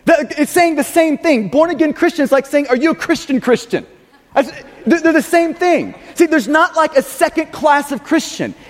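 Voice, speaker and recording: A man preaching with a very high voice, pressing his points with repetition and frequent restarts. His words ring out in a church sanctuary with a long, lingering reverb. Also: animated, moderate pace. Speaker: pastor. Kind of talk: sermon.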